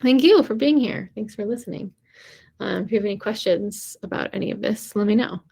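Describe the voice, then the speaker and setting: Woman vocal coach, mid-pitched with some vocal fry, chatty and encouraging. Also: fairly quick, dark tone. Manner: encouraging, chatty, laughs easily. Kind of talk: casual live coaching talk.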